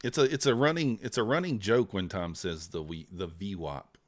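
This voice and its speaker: A man's voice: on the low side, moderate pace. A man hosting a live trading stream in casual chat. He teases his co-host and reads viewer comments aloud.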